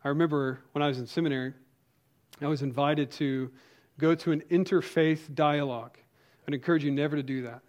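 Man, pastor, storytelling sermon, conversational, restarts and asides, somewhat high pitch. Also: steady tone, a little fast, a little mellow.

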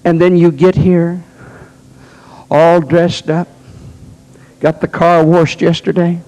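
An older man, a pastor, preaching a sermon that swings from plain storytelling to loud, shouted exhortation. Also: on the high side, flat delivery, slow, low-quality recording. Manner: builds from conversational to shouting exhortation. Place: church.

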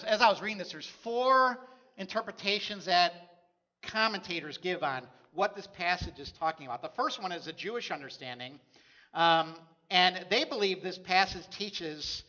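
A man's voice: sits high, animated, moderate pace, sharp tone, lo-fi sound. A man preaching a sermon as a pastor, telling stories in a conversational way.

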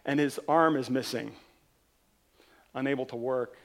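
A man preaching from the pulpit, his voice carrying a rough, gravelly texture. He tells a parable with earnest intensity, swelling and then pulling back quietly. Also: medium pitch, fairly even intonation, measured pace. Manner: earnest, retelling a parable with rising and falling intensity. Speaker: pastor. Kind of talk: sermon storytelling.

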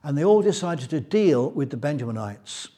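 A man preaching a Bible teaching sermon, retelling scripture in a lively storytelling way. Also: on the high side, moderate pace, husky.

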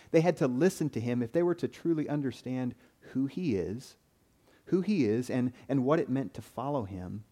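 A man's voice: medium pitch, dark tone. A man preaching a sermon in an earnest way, often repeating a word as he starts a phrase.

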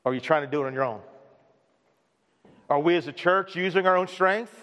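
A man's voice: a little high, brisk, fairly bright tone, dull audio. Man, pastor, casual sermon, repeats words as he restarts, long church reverb. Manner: repeats words as he restarts, chatty and familiar with the congregation. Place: church sanctuary.

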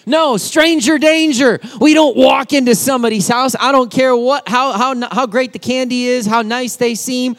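Man, children's sermon, very high voice, animated and emphatic, speaks right to kids. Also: moderate pace, hardly any pauses. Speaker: children's pastor.

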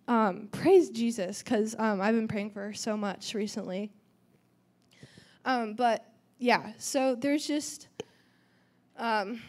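A teenage girl giving a church testimony in a chatty way, full of "um" and "like," acting out quoted dialogue. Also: on the high side. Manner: chatty, lots of "um" and "like", acts out quotes. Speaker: youth testimony speaker.

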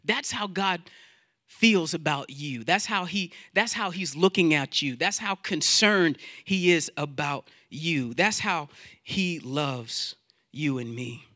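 A male pastor preaching a sermon to his congregation in church, animated, quoting scripture, acting out inner doubts and repeating words as he builds his points. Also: on the high side, slow, no echo, clean studio sound. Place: church sanctuary.

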